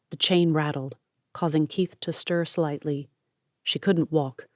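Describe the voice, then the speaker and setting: Low-voiced woman narrating an audiobook. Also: darkish tone, no room sound, clean studio sound. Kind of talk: scripted narration.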